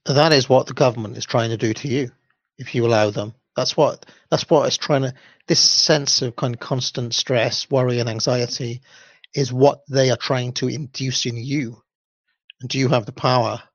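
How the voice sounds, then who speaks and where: A man's voice: medium pitch, fairly even intonation, moderate pace, dry recording, dull audio. A man hosting a stream, rambling through commentary with frequent restarts and reading a children's book aloud. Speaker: livestream host.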